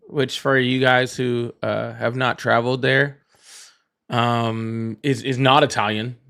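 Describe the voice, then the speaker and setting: A man's voice: medium pitch, fairly bright tone. A man hosting a casual live stream, chatting in a rambling way and greeting viewers between points. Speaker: livestream host.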